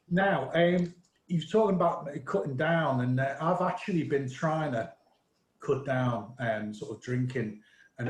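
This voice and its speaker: A man's voice: on the high side, roomy sound, a little hiss or hum, rough recording. A Scouse man hosting a comedy show over a video call, hesitant and full of ums. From Liverpool, England.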